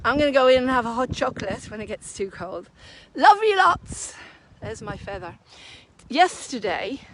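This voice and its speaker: A woman's voice: a little high, a little fast, slight background noise. An exuberant woman vlogging outdoors on a green, whooping, laughing and breaking into song. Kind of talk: casual outdoor video chat.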